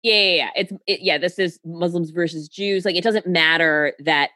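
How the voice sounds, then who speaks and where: Animated, emphatic woman. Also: fairly low pitch, normal speed, dry recording. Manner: animated, emphatic, swears freely. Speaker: guest. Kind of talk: casual podcast chat.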